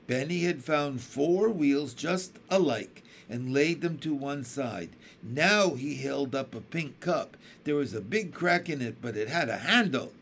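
A man reading a children's book aloud with expressive storytelling. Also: medium pitch, measured pace, few pauses, a little hiss or hum. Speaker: audiobook reader.

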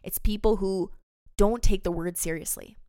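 A young adult woman hosts a faith podcast with a devotional focus, speaking in a mellow, mid-range voice at normal speed with fairly even intonation. The studio-quality recording has no echo. She talks to listeners earnestly and passionately, calling them "you guys."

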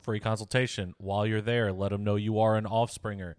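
Low male podcast co-host, wisecracker, hype plugs, dry sound. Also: little pitch movement, a little fast, darkish tone, smooth, no room sound. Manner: wry one-liners, hype outro calls. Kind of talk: casual chat.

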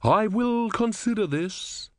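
A man voicing a vast, stately female sea goddess in a slow, cold, measured way. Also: sits high, animated, a little mellow, no room sound, studio quality, voice pushed up. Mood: cold, haughty.

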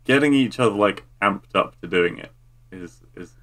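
A low-voiced man co-hosts a podcast in easygoing conversation. He talks hesitantly and leans on "uh" and "um" while he finds his words. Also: lively intonation, normal speed, fairly bright tone. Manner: hesitant, lots of "uh" and "um". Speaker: podcast co-host. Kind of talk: casual chat.

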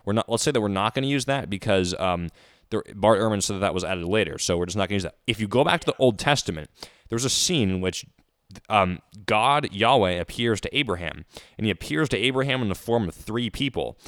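A male podcast host speaks in casual conversation, hesitating often with fillers and restarts. His voice is very low and smooth. The sound is dry and close to the mic. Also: animated, a little fast, a bit bright, no room sound.

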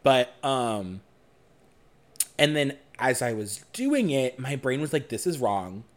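A young man co-hosting a podcast, telling a personal story in a frank, animated way and swearing freely. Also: mid-range voice, takes it slowly. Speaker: podcast co-host.

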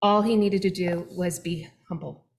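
A middle-aged woman co-hosting a faith-based talk, telling a personal story with lively, acted-out quotes. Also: on the low side, normal speed. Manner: animated storytelling, acting out quoted voices. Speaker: webinar co-host. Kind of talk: candid faith-based conversation.

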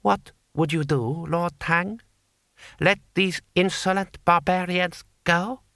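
Brief: man doing a sneering warlord lord, high and strained, slow and gravelly, audiobook. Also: fairly even intonation, pushed and bright, no room sound, studio quality, full character voice. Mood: shrill, sneering. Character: imperious, cold-tempered male warlord lord.

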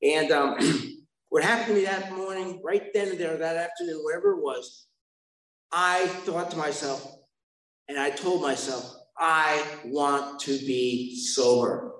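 A man's voice: on the high side, moderate pace, fairly bright tone, echoey room, low-quality recording. A man sharing his recovery story at a meeting, rambling and self-mocking, with asides to the listeners.

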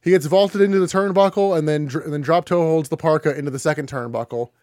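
A man with a fairly high voice, recapping wrestling matches as a podcast co-host. He narrates play by play with a dry, sardonic tone. The sound is close and dry, with no room in it. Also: fast talker, a little mellow, no room sound. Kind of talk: casual wrestling recap chat.

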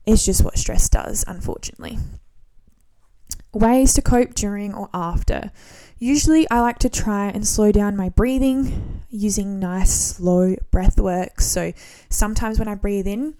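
A woman in her twenties hosting a solo podcast, talking casually in a relaxed, rambling way with frequent ums and restarts. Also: medium pitch, measured pace. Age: 20s. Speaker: podcast host.

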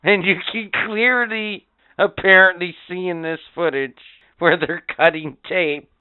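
Brief: male podcast co-host, sarcastic and profane, smooth voice with a touch high, dry phone-like sound. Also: fairly even intonation, unhurried, no echo. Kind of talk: crude casual chat.

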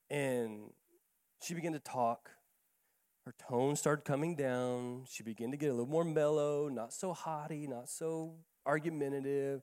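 A man's voice: medium pitch, steady tone, a little slow, a little mellow, clean tone. A man pastor telling a story in a sermon, talking in a conversational, folksy way and often repeating words. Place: church sanctuary. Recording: echoey church hall.

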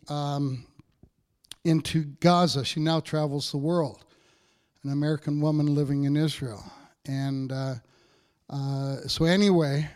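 A man's voice: fairly high pitch, darkish tone. A man preaching a sermon as pastor, in a conversational style with frequent checks with the congregation.

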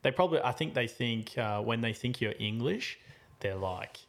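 A man's voice: medium pitch, moderate pace, gravelly. Slangy man telling a story. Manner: animated, slangy, rambling with many fillers. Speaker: podcast host. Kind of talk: casual storytelling chat.

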